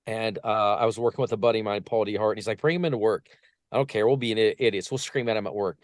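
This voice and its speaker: A man's voice: on the low side, racing, dry recording, clean studio sound. A man telling stories as a podcast guest, acting out the voices of people he quotes. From Portsmouth. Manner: lively anecdotes, acts out quoted voices. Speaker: podcast guest, vocal coach. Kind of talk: casual storytelling interview.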